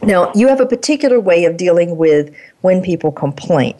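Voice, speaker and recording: A woman's voice: lowish voice, animated, moderate pace, warm tone. A woman hosting an interview, affirming and summing up her guest's points. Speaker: interview host.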